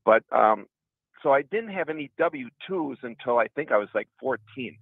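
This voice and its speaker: A man's voice: mid-range voice, expressive, normal speed, creaky, slightly rough, no room sound. A middle-aged man from Wisconsin, a radio caller telling long, earnest stories about his past. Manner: earnest, rambling anecdotes. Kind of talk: call-in radio storytelling. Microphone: phone. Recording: tinny phone line.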